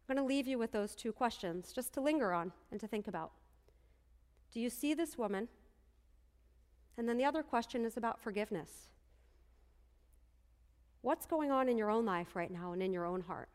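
A woman's voice: fairly high pitch, big-room sound. A woman pastor preaching a sermon, telling a story earnestly and repeating phrases for emphasis.

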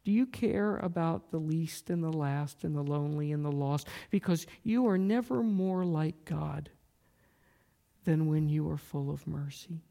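A man preaching a sermon, telling a story in a slow, earnest way and dropping to a near-whisper at times. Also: on the high side, creaky, warm tone.

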